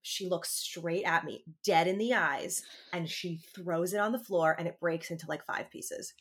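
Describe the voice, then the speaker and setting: A woman's voice: fairly low pitch, normal speed, breathy edge. A woman in her thirties co-hosting a podcast, chatting casually and telling a story with acted-out outbursts. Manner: animated storytelling, acts out shouted quotes. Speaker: podcast co-host. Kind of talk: casual chat.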